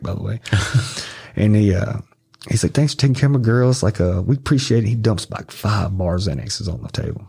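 A man's voice: moderate pace, vocal fry, dark tone, husky. A middle-aged man from Arkansas, a podcast guest telling rambling, profane stories in casual chat and acting out other people's lines. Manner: swearing, rambling anecdotes, acts out others' lines in a high voice. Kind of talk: casual storytelling.

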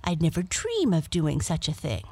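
A woman voicing a friendly, polite female yellow cat who calmly reassures her new friend in a storybook reading. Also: low-pitched, normal speed, dry recording, full character voice.

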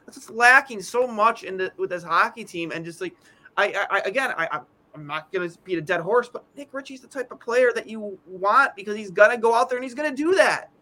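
A man with a high, bright voice co-hosts a casual hockey podcast. He rambles and vents in exasperation, tripping over stammered restarts as he goes. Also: animated, brisk. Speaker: podcast co-host. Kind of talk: casual sports talk.

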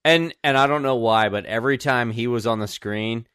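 A man's voice: medium pitch, normal speed, fairly bright tone, clear, resonant tone, no echo, studio quality. A man co-hosting a podcast, making joking quips in casual chat. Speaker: podcast co-host.

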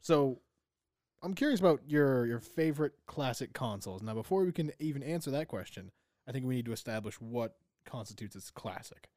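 A man's voice: medium pitch, expressive, a little fast, a little mellow, dry recording, studio quality. A man co-hosting a podcast in casual chat, stammering through restarts and cracking crude jokes. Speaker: podcast co-host.

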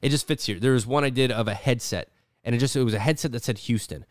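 Here a podcast host speaks at a quick pace in a medium-pitched voice, rambling through casual chat in his studio. "Like" comes up again and again, and he often acts out quoted voices. The recording is studio quality with no room sound.

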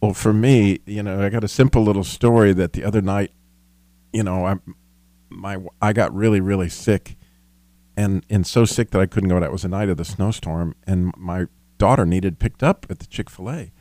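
Male host, deep-ish voice, earnest, halting delivery. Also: dark tone, no echo. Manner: earnest, self-deprecating, stumbling restarts. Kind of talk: casual Christian discussion.

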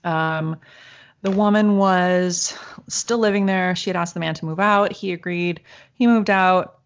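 A woman telling a long personal story in casual conversation, animated, laughing now and then and acting out the voices she quotes. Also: lowish voice, a little slow. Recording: dull lo-fi sound.

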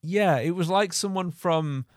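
A young man co-hosting a casual film podcast, rambling with lots of fillers and quick laughs. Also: high-pitched, no room sound, studio quality. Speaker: podcast co-host.

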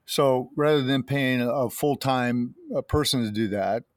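A man's voice: mid-range voice, moderate pace, dry recording, studio quality. Encouraging male podcast host. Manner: encouraging, affirming listener. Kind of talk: casual interview talk.

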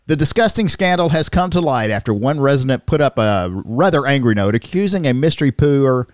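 A man hosts a comedy news podcast with a bouncy, animated delivery that swoops up and down. He reads headlines and riffs on them with a joking, easy manner. His voice is close and dry, with no room sound around it. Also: mid-range voice, a little fast, dry recording. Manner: jokey, reads headlines aloud, laughs often. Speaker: podcast co-host.

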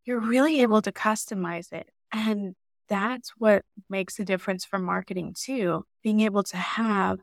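A woman chats as a podcast guest, her voice sitting in a middle range for a woman. She tells stories in a lively, casual way and often says "like". The sound is dry and close. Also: mid-range voice, normal speed, gravelly, no echo. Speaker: podcast guest, marketing mentor. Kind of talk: casual interview chat.

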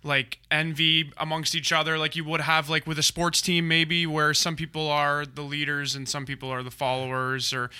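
Teasing bright-voiced male guest. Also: on the high side, flat delivery, moderate pace, few pauses, clean tone. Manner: teasing, asks rambling questions. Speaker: podcast guest. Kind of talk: casual podcast chat.

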